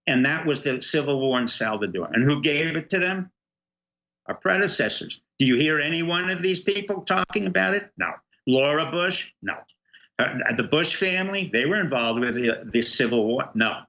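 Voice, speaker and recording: A man's voice: on the high side, expressive, normal speed, sharp tone, highs cut off. A middle-aged man, a guest on a political talk show, speaking emphatically and firing off rhetorical questions. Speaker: guest commentator.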